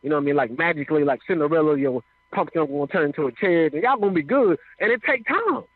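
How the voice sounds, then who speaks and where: Talking fast and animated, a man with a fairly high voice relates his life in a casual, chatty manner. "You know what I mean" comes up again and again in this personal testimony. It was captured with a dry, radio-style phone sound.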